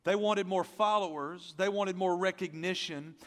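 A man preaching a sermon as pastor, energetic and conversational, with self-deprecating asides, and without a deep voice. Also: normal speed, big-room sound. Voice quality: not a deep voice.

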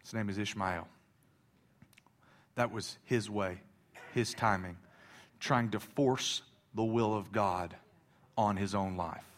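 A pastor preaching a sermon in a casual, joking storytelling way. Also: male voice, on the low side, slow, pauses often.

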